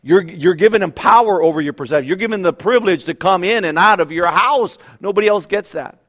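A pastor preaching a conversational sermon, animated and full of everyday examples, often checking in with "right?". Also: male voice, sits high, fast talker.

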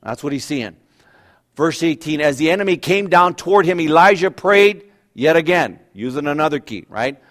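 A pastor preaching a conversational sermon, animated and full of everyday examples, often checking in with "right?". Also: male voice, a little high, normal speed.

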